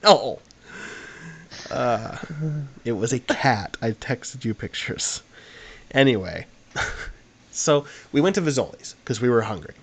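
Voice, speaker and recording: A man's voice: medium pitch, expressive, unhurried, long pauses, breathy edge. A young man, co-hosting a podcast and telling a long, rambling anecdote in casual chat, full of fillers. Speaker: podcast co-host.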